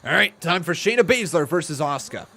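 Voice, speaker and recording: A man hosting a live watch-along stream, giving excitable play-by-play reactions and shouting at big moves. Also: on the high side, fast talker.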